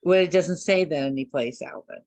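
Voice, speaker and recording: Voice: mid-range voice, fairly quick, a little mellow, dry recording. A committee member at a town zoning meeting who argues points directly, with a few laughing asides. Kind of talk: municipal committee meeting discussion.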